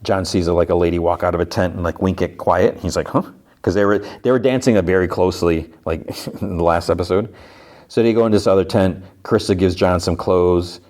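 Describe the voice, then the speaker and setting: Low-voiced male podcast host, rambling casual recap. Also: fairly even intonation, fairly quick, darkish tone. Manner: rambling, lots of "like".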